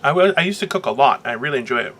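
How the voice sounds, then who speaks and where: A man's voice: medium pitch, lively intonation, very fast, over a noisy crowd. A man co-hosting a casual comedic chat show, rambling and crude, often restarting his sentences. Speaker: co-host.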